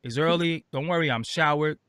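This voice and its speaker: A tired, raspy-voiced man hosting an interview, rambling casually with plenty of fillers and restarts. His voice sits a bit high for a man. The sound is dry and close with no room echo. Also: a little fast, a bit bright. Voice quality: raspy, deeper than usual. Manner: loose, rambling, lots of fillers and repeats. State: tired, just woke up. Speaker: interview show host.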